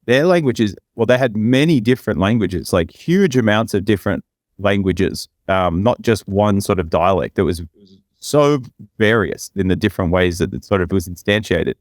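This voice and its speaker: A man's voice: on the low side, lively intonation, normal speed, dry recording, studio quality. A man with an Australian accent, chatting casually as a podcast co-host in a laid-back, musing way.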